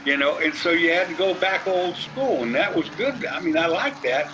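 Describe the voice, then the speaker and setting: An older man, telling racing stories in an animated, folksy way over a video call. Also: fairly high pitch, normal speed, highs cut off, noisy background. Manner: animated, folksy storyteller, colorful cursing. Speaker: racing driver guest.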